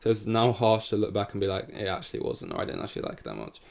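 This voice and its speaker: A man's voice: fairly low pitch, sing-song, rapid-fire, gravelly, a little mellow. A man hosting a solo podcast in casual chat, rambling and correcting himself as he goes, swearing casually. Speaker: podcast host. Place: in front of a camera.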